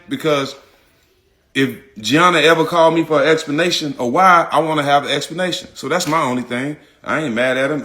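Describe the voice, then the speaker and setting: A man's voice: a little high, pushed and bright. A man talking casually and emphatically to his audience, repeating his points in loose slang. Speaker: public figure speaking out. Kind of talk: casual direct-to-audience talk.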